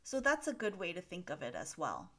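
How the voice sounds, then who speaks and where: A woman's voice: lowish voice, huge pitch swings, brisk, bright, forceful tone. A woman English teacher answering viewers' questions on a live stream, explaining patiently with many fillers and reading from a laptop. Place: at a desk with a laptop.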